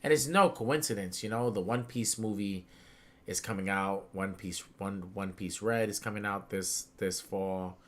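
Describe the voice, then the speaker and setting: A young man chatting casually on a podcast, excitable and slangy, acting out characters' lines with big swings in his voice. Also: lowish voice, moderate pace. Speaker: podcast co-host. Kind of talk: casual chat.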